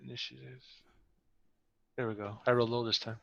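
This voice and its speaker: A man playing in a tabletop game, talking quickly and half muttering to himself. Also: medium pitch, little pitch movement, creaky, bright, forceful tone, lo-fi sound. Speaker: player. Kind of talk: casual chat at a tabletop game.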